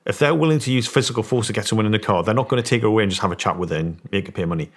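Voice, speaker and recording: Guy, bit low voice, rambly storytelling, keeps restarting, gets emphatic. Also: racing. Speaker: guest, former special forces soldier. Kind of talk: casual storytelling in conversation.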